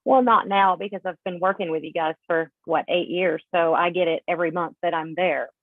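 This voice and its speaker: A woman's voice: fairly low pitch, a little fast, no room sound, narrow, tinny audio. A woman, a longtime participant, giving brief agreeable replies on a call-in show. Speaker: regular participant. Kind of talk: casual chat.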